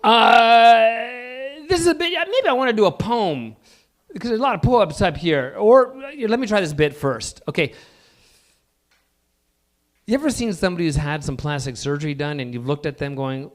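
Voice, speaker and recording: A man from Alberta performs an open-mic stand-up set with a high voice that leaps up and down. His delivery is rambling and self-deprecating, broken up by halting fillers as he works through his bits. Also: lively intonation. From Alberta, Canada.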